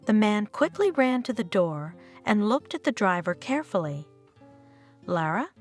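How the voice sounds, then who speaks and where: A woman narrating a scripted story in a steady storybook reading manner. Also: mid-range voice, normal speed. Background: faint guitar music.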